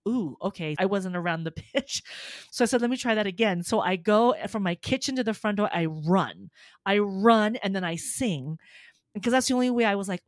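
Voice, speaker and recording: A middle-aged woman tells stories in a casual chat, laughing often and acting out what people said. Her pitch sits mid-range for a woman. The sound is dry and close, with no room echo. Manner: lively storyteller, laughs often, acts out dialogue. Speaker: soprano and voice teacher.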